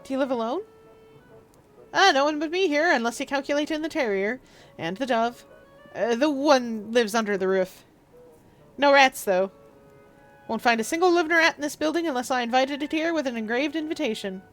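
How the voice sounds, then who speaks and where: A woman's voice: sits high, animated, moderate pace, pauses often, faint music behind, voice pushed up. A woman voicing a boastful, street-wise rat-catcher shopkeeper in a chatty, cheeky manner as she reads a text game aloud.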